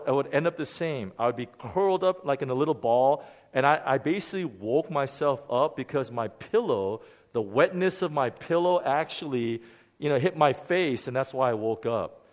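A middle-aged man, a pastor, delivering a sermon as candid personal storytelling. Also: medium pitch. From Korea. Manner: candid storytelling with lively swings.

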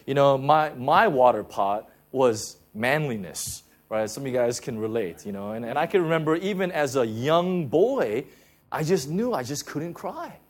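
A man preaching a sermon in a conversational style, full of "you know" fillers and repeated restarts, going soft and low when he speaks of grace. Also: expressive, moderate pace. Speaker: pastor.

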